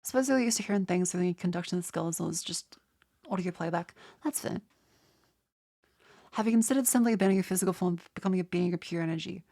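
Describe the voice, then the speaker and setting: A nasal Australian woman streamer with a cold chats casually and answers her chat, rambling with many restarts. Her voice sits on the low side, mellow, and she's a fast talker.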